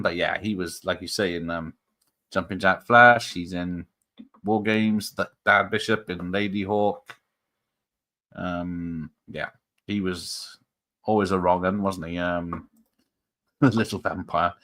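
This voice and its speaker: A man's voice: low voice, sharp tone. A man hosting a casual live stream, rambling through comments with frequent fillers and chuckles. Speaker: host of a live show.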